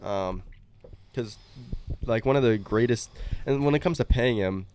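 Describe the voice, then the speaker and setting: A man's voice: mid-range voice, measured pace, a little mellow, slight background noise. A young man co-hosting a casual sports podcast, talking hesitantly with many fillers. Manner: hesitant, lots of fillers and restarts. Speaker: podcast co-host.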